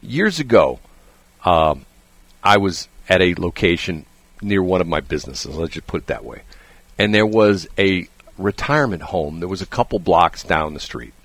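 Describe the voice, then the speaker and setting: A man's voice: sits low, animated, normal speed, a bit bright, no room sound. A man chatting casually, rambling and repeating himself as he tells a story. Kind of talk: casual chat.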